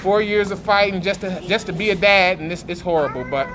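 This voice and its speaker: Man, playful teasing vlogger, fairly high voice, noisy store around him. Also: brisk. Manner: teasing, playful, talks to passers-by. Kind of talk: casual joking chat with strangers. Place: indoor supermarket.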